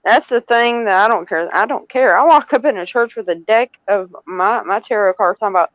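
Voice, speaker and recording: A woman's voice: mid-range voice, fairly quick, few pauses, no echo, lo-fi sound. A woman with a Southern US accent hosting a casual live spiritual chat, teasing and laughing as she talks. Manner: teasing, sassy, laughs often. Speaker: spiritual reader and live stream host.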